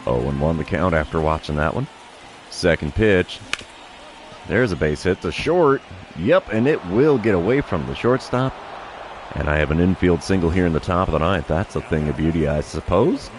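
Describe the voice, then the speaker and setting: A man streaming a baseball video game, calling each pitch like an announcer with dry self-deprecating asides. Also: lively intonation, moderate pace, faint music behind. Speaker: gaming streamer. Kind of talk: play-by-play commentary of his own video game.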